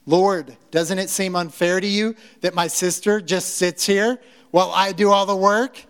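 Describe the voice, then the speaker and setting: A man's voice: sits high, steady tone, unhurried, clean tone, voice pushed up. A man voicing an exasperated, busy woman host who complains in a snarky, put-upon way.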